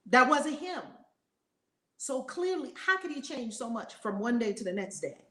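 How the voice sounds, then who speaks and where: A middle-aged woman giving an impassioned spiritual talk, emphatic and repetitive, swinging between loud declarations and hushed asides, casual and swearing freely. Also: a little high, sing-song, moderate pace, echoey room. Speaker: spiritual teacher.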